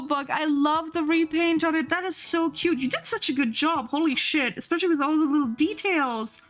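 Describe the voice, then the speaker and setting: A young woman streaming live, gushing excitedly over viewers' art and pets, swearing casually. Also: sits high, normal speed, hardly any pauses, soft background music.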